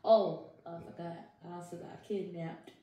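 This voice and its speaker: Speaking a little slowly with a voice on the low side, a young adult woman recounts her story in an interview. She tells it with animation and slang, acting out others' words, while the recording sounds echoey and faintly noisy.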